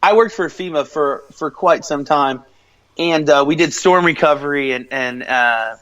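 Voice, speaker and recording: A man with a Southern US accent, his voice sitting notably high for a man. He rambles through crude anecdotes in loose podcast chat, cursing and laughing along. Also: measured pace, fairly bright tone. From American South. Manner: profane, storytelling, laughing often. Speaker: podcast co-host. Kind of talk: casual crude banter.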